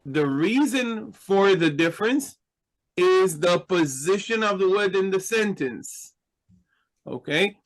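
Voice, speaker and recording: A man's voice: high voice, lively intonation, slow, poor audio. A man teaching a class in a patient, explanatory way, asking his students questions. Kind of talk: slow, deliberate Hebrew grammar lesson.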